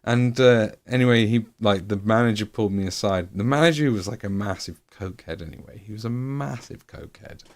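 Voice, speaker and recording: A man's voice: lowish voice, brisk, hardly any pauses. A man streaming, telling a rambling story with lots of swearing and fillers. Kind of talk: casual storytelling.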